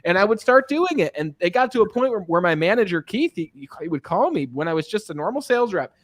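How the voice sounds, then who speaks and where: Host, male, higher-pitched voice, lively anecdotal delivery, dry close-miked sound. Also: fast talker, no room sound. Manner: animated, anecdotal, often asks "right?". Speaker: podcast host and sales coach. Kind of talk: casual interview chat.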